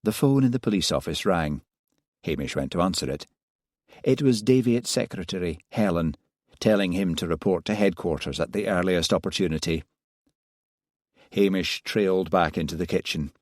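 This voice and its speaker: A man narrating a mystery novel in a measured, even reading. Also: low voice, no room sound, studio quality. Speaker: audiobook narrator. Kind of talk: scripted narration.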